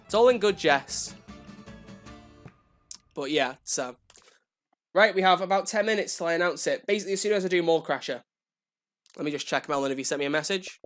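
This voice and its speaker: A man streams a video game and chats casually with his viewers, talking to the chat and making fun of himself. His voice is fairly high, fairly quick and full of pauses, with faint music in the background.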